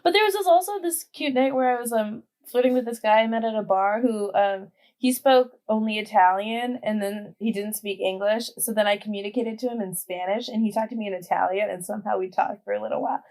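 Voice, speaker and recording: A woman's voice: medium pitch, a little fast, few pauses, darkish tone. Chatty young woman full of fillers. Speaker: podcast guest. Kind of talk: casual chat.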